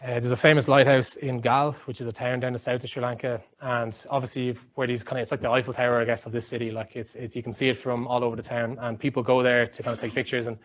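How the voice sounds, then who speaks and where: Young Irish man, quick rambling storyteller, muffled lo-fi recording. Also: medium pitch, flat delivery. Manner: rambling, chatty, many fillers and restarts. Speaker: speaker giving a talk. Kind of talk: informal talk with anecdotes. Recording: dull lo-fi sound.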